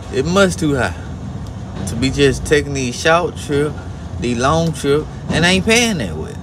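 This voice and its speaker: A man with a drawl talks slowly and loosely from inside his truck cab, venting to his viewers and cussing freely. His voice sits a little high for a man. A heavy rumble of vehicle noise runs under everything he says. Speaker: flatbed truck driver vlogger. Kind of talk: casual vlog talk to viewers.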